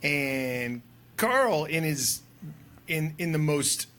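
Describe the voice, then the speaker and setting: A man's voice: on the high side, lively intonation, extremely slow, pushed and bright. Enthusiastic man telling a story. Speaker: guest filmmaker and drone pilot. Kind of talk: casual podcast conversation.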